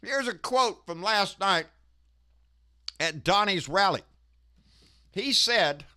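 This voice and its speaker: A man rants through his commentary in a high, bright voice. He is profane and folksy and keeps calling his listeners "baby.". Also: expressive, takes it slowly, long pauses. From Texas. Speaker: political commentary host. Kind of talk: casual ranting commentary.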